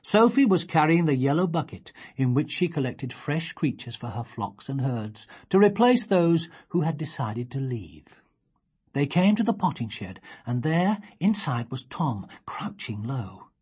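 A woman reading a children's storybook aloud. Her voice is low and husky. She is expressive and measured, with a wide, lively sweep of pitch. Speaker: reader.

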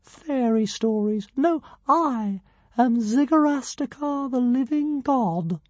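A woman voicing a tiny, arrogant male dragon who thinks he is a god, with a squeaky, grand and scornful voice. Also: animated, slow pace, darkish tone, no room sound, exaggerated voice. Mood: pompous. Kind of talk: audiobook character voice.

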